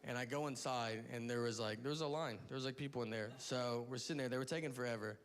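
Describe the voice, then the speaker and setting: A man's voice: mid-range voice, fairly even intonation, fast. A man from the American South doing stand-up, telling a rambling, self-interrupting story. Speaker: stand-up comedian. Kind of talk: stand-up comedy routine.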